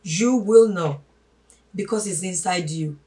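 A woman giving a spoken sermon, emphatic, swinging from loud stresses to hushed asides and calling listeners her brothers and sisters. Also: lowish voice, slow. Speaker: religious teacher. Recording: voice a little distant from the mic.

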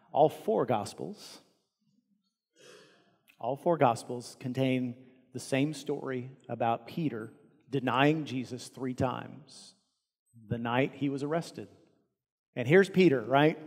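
A man with a Texan accent preaching a sermon as pastor, earnest, swinging from loud emphasis down to hushed, quiet lines. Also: a little high, long reverb tail. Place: large church sanctuary.

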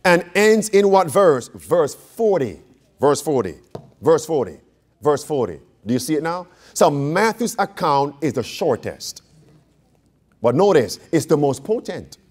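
Animated slow-paced male preacher. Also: fairly high pitch. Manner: questions the audience, repeats phrases for emphasis. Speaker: preacher teaching a Bible class. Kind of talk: interactive Bible study sermon.

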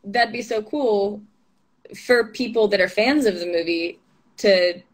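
A woman's voice: mid-range voice, a little slow. Chatty young woman, laughing through stories. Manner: chatty, laughs often, many fillers. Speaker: actress being interviewed. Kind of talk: casual interview chat.

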